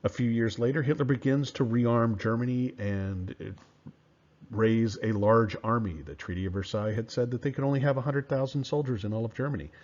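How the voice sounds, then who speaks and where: A man teaching history in a relaxed, conversational lecture, with fillers and rhetorical questions. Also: medium pitch, a little fast. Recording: dull lo-fi recording.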